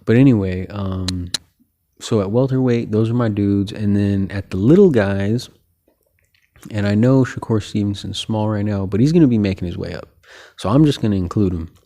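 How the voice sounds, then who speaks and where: A man hosts a loose, one-person sports chat, wandering from point to point and leaning on filler words. His voice sits a little low, with a dark, mellow tone. He comes across as relaxed and opinionated. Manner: rambling, heavy on filler words like "you know". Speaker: host. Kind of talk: casual boxing talk monologue.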